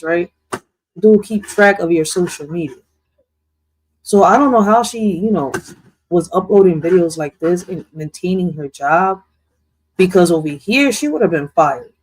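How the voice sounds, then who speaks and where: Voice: mid-range voice, darkish tone, husky, rough recording. A host reacts to a news clip in loose, slangy commentary. The delivery rambles, stalls on filler words and often restarts mid-sentence, with a casual, home-desk feel.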